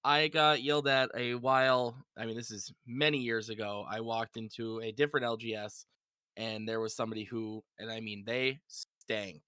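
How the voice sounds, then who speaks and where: A man's voice: mid-range voice, fairly even intonation, moderate pace, pushed and bright, smooth, no room sound. A man hosting a podcast, telling a rambling, self-deprecating anecdote full of fillers.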